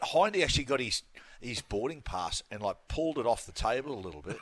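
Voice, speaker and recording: A man's voice: medium pitch, a little fast. A man with an Australian accent, co-hosting a sports radio show and telling stories in blokey banter. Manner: animated storyteller, blokey banter. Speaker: radio co-host.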